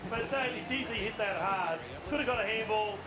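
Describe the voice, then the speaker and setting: Breathless excitable Australian man. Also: high voice, normal speed, reverberant, over loud music. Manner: excitable, laughing, exclaiming. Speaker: panelist presenting footage segment. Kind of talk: casual studio banter.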